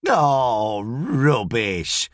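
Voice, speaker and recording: A man's voice: medium pitch, big pitch swings, very slow, no echo, clean studio sound. An actor voicing a stubborn, feisty elderly grandmother who speaks bluntly and indignantly.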